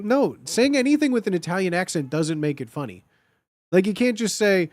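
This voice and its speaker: A man chatting casually on a stream, playful and animated, repeating phrases in put-on tough-guy voices. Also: high-pitched, normal speed, no echo, clean studio sound.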